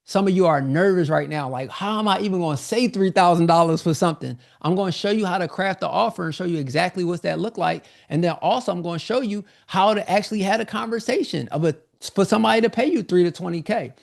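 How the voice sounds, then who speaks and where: A man pitches his course on a live webinar, loose and energetic, repeating himself as he goes. His voice sits a touch high and has a gravelly rasp. He sounds slightly out of breath. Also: quick pace, hardly any pauses. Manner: energetic, repetitive, informal salesman talk. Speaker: online business coach hosting a live sales webinar.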